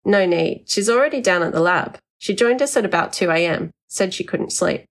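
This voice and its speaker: A woman's voice: fairly low pitch, expressive, moderate pace. Woman voicing a patient young male friend. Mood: matter-of-fact.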